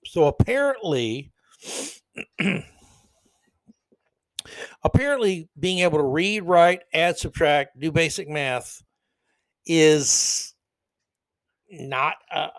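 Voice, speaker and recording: A man's voice: on the high side, animated, takes it slowly, long pauses, no room sound. A man hosting a podcast, delivering opinionated solo commentary in a sarcastic, mocking, exasperated way, with folksy asides to his listeners. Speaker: podcast host.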